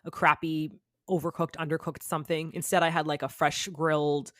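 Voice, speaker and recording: A woman's voice: low voice, little pitch movement, fairly quick, no echo, clean studio sound. A woman guest on a podcast, talking candidly in a chatty, rambling way with many fillers. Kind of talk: candid conversational interview.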